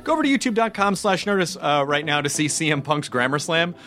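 A man's voice: fairly high pitch, very animated, quick pace, fairly bright tone. A man hosting a podcast, reading ads and chatting casually, with plenty of "uh" fillers. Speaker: podcast host. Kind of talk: casual podcast chat and ad reads.

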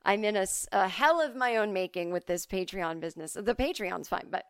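A woman hosting a podcast, rambling through an absurd comic story in a deadpan way, recorded close on a studio mic. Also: medium pitch, brisk, clear, resonant tone, dry recording. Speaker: podcast host and comedian.

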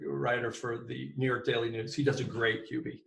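A man's voice: medium pitch, flat delivery, fairly quick, creaky. A man hosting a casual interview, asking questions and often putting in short affirmations. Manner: affable, frequent short affirmations. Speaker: podcast host. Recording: echoey room.

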